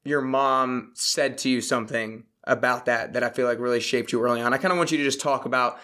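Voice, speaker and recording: A man's voice: mid-range voice, fairly even intonation, brisk, sharp tone. A man hosting a podcast, upbeat and enthusiastic in a casual interview. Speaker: podcast host.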